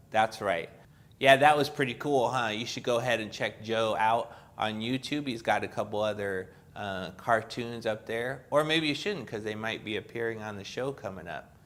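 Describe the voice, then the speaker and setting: Give me a playful male kids' church host with a lively, animated voice. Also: lowish voice. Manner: playful, talks straight to the kids. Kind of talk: children's church teaching.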